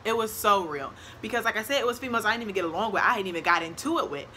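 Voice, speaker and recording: A young woman tells a casual storytime, animated, acting out quotes and laughing often. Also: mid-range voice, racing, slight background noise. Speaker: vlogger.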